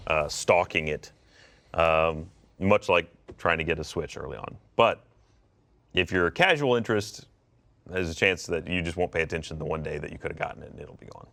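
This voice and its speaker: A man's voice: low-pitched, moderate pace, creaky, sharp tone. A man co-hosting a casual gaming podcast, laid-back with dry quips. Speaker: co-host.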